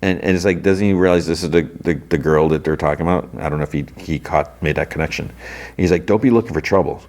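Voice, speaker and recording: A man with a very low voice talks through a TV episode, recapping it scene by scene. His delivery is loose and rambling, full of filler words and restarts, like a casual podcast host catching listeners up. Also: fairly even intonation, fast, darkish tone.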